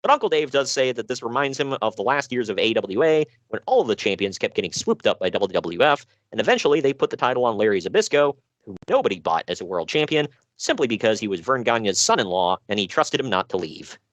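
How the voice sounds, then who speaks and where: A man co-hosting a podcast in casual chat, animated, laughing and sighing between points. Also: medium pitch, fast talker, few pauses, dry recording, lo-fi sound. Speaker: podcast co-host.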